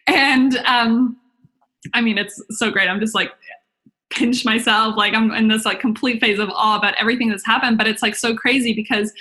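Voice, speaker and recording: A young woman, a business coach and podcast host, giving a chatty, excitable webinar talk full of "like" and acted-out inner voices. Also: a little high.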